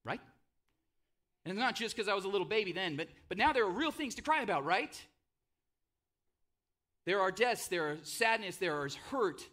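Bright-voiced preaching man in his thirties. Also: high voice, animated, normal speed, pauses often. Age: 30s. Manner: passionate, conversational preaching with frequent "right?". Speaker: pastor. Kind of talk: sermon.

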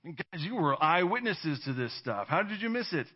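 A pastor from California delivers a conversational sermon, repeatedly checking in with "right?", laughing now and then, and acting out quoted voices. His voice is fairly high, sing-song and husky, at a normal speed. The sermon audio is dull and lo-fi.

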